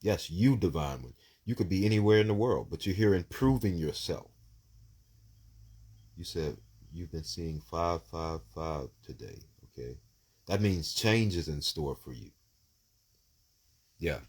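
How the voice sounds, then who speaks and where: A low, husky male voice doing a casual livestream psychic reading. He preaches with emphasis, swears often, and stacks words and lists in quick bursts. The voice is deep and a little rough. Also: darkish tone. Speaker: psychic giving live readings.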